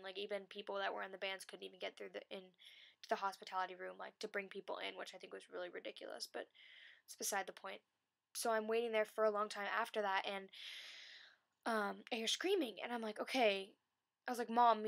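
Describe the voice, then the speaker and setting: A young woman vlogging, telling a long excited story with lots of fillers and restarts. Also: medium pitch, vocal fry. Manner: breathless, rambling, many fillers.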